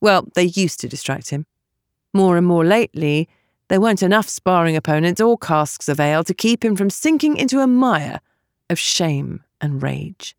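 A woman narrating a novel as an audiobook, with expressive storytelling. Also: fairly low pitch, moderate pace, dry recording, clean studio sound.

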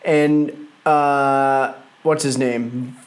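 A man's voice: mid-range voice, steady tone, very slow. A young man reviewing a wrestling show in a casual, rambling, exasperated way, full of fillers. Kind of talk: casual solo commentary.

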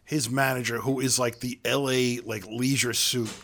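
A man co-hosting a casual film-review podcast retells the plot loosely and ramblingly, packing in fillers. His mid-range voice is fairly bright, with little pitch movement, at a normal speed.

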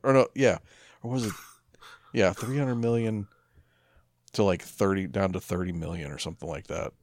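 A man co-hosting a podcast in casual chat, laid-back and profane with deadpan asides. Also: lowish voice, moderate pace, dry recording, clean studio sound. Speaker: podcast co-host.

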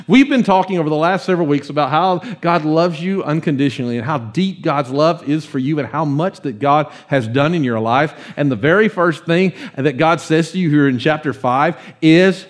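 A middle-aged man preaching a conversational, animated sermon, slowing to hushed readings of scripture. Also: a little high. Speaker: pastor.

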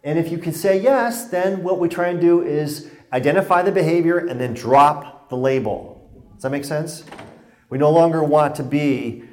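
With a fairly high pitch, darkish tone and normal speed, a man gives an anecdotal lecture at a stress workshop. He speaks casually and with humor, voicing the exchanges he quotes, in a hall that sounds roomy.

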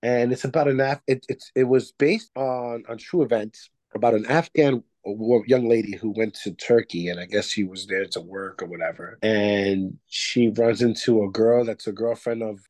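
Puerto rican guy rambling thru an interview, lowish voice, dry close sound. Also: normal speed, hardly any pauses, a little mellow, dry recording. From Puerto Rico. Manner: rambling, full of "you know" and restarts. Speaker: actor and comedian guest. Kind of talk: casual interview chat.

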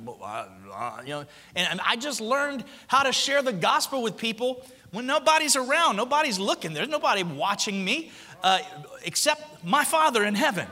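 A male pastor delivers an emphatic sermon. His voice sits high and bright, and he keeps a conversational, punchy rhythm with frequent rhetorical questions. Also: very animated, brisk. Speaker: senior pastor.

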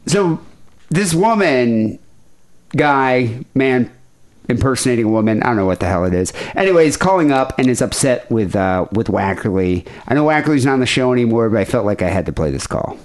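A man's voice: medium pitch, sing-song, a little fast. A man hosting a podcast, chatting casually with crude, loose banter. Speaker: podcast host. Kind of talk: casual chat.

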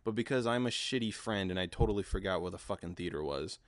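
A man's voice: deep voice, lively intonation, quick pace, no room sound. A man hosting a casual solo podcast from his garage. He rambles loosely and swears freely, joking as he goes. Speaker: podcast host. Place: home garage.

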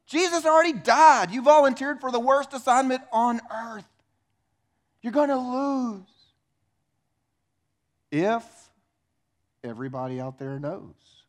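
A man preaching a sermon, animated and emphatic, asking rhetorical questions of his congregation. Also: very high voice. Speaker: pastor.

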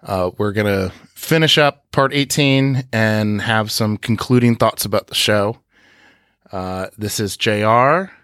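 A man's voice: on the low side, measured pace, a bit bright, clear, resonant tone, dry recording, studio quality. A man hosting a podcast, recapping scenes in detail in a casual way, with frequent "uh" fillers. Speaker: podcast host.

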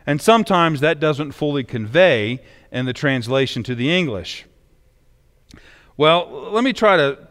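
A man's voice: a little high, a bit bright, big-room sound. A man pastor reading scripture and then preaching a sermon in a conversational, emphatic way.

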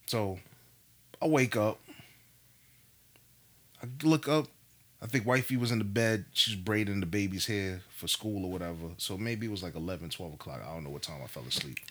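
A husky-voiced man tells a story in casual chat. His tone is bright and forceful, his speech animated, slangy and profane, and his pitch sits low. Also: normal speed, pauses often.

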